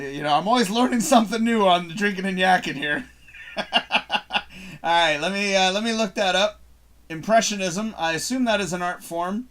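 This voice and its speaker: A man's voice: fairly high pitch, a bit bright. Loose, swearing live-show host, man. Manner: loose and profane, laughs often, rambling asides. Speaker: live show host reading viewer questions. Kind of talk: casual live-stream chat.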